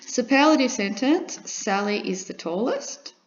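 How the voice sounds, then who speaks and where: A woman's voice: a little high, big pitch swings, a little slow, a little hiss or hum. A woman teaching an English grammar lesson, patiently repeating examples and checking in with her students. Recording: dull lo-fi recording.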